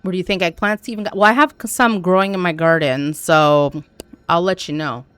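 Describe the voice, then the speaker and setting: A woman's voice: fairly low pitch, fairly even intonation, brisk, fairly bright tone, smooth, no echo, soft background music. A woman streaming a game live, chatting candidly and jokingly with her viewers as she plays. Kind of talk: casual chat while playing live.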